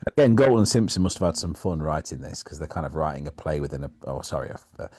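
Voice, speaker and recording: A man's voice: extremely low pitch, lively intonation, quick pace, darkish tone, husky, dry recording, studio quality. A man co-hosting a podcast, chatting casually about an old sitcom episode, laughing often and trailing off with fillers. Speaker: podcast co-host.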